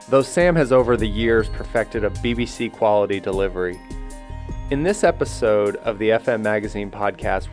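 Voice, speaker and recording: Guy hosting a podcast, friendly and measured, mid-pitched voice, faint music underneath. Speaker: podcast host. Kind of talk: scripted podcast introduction.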